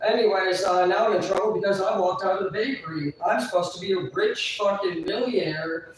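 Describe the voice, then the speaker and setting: A woman's voice: mid-range voice, brisk, few pauses, a little hiss or hum. Profane rambling woman in an echoey room. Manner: profane, rambling, swears constantly. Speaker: livestreamer. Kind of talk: casual livestream storytelling. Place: indoors, live stream. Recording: roomy echo, distant mic.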